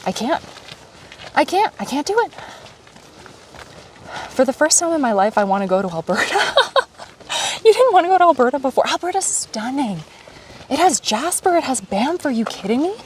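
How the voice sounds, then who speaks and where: A woman livestreaming as she walks a lakeside trail outdoors, chatting to her viewers in a lively, animated way. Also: sits high, normal speed, pauses often, recorded from a distance, slight background noise. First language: Polish. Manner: chatty, animated, talking to chat while hiking. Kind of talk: casual live stream chat.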